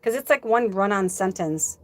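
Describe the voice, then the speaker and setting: A woman's voice: mid-range voice, animated, moderate pace. Chatty woman medium rambling on a livestream. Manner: chatty storyteller, acts out quoted dialogue; loose and rambling, swears casually. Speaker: spiritual medium hosting a livestream. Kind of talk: casual livestream monologue, reading viewer comments.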